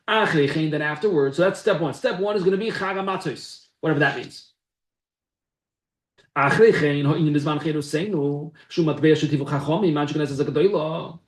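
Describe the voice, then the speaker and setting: In an echoey room, a man with a voice on the high side leads a text-based Torah class. He talks conversationally, reading Hebrew phrases aloud and then explaining them in English.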